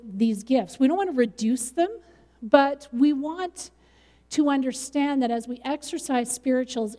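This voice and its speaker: A woman's voice: a little high, darkish tone, long reverb tail. A middle-aged woman pastor preaching a sermon in a conversational way, with light laughs.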